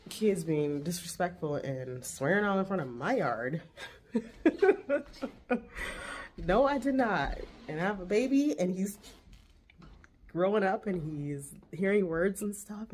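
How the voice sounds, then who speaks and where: A woman chatting casually at home as a vlogger and mother, animated and quick to laugh. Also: mid-range voice, a little hiss or hum. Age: 40s. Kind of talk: casual chat.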